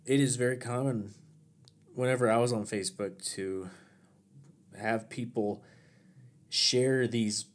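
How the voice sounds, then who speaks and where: A man's voice: mid-range voice, steady tone, measured pace, pauses often. A man hosting his own podcast alone, chatting casually in a rambling, self-deprecating way. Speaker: podcast host. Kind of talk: casual solo podcast chat.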